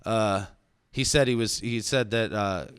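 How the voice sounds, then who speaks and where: A man's voice: on the low side, measured pace, fairly bright tone, smooth. A man hosting a rowdy casual podcast, rambling and profane, stumbling through fillers and restarts while drinking with his co-hosts. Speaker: podcast host. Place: home studio with co-hosts, drinking.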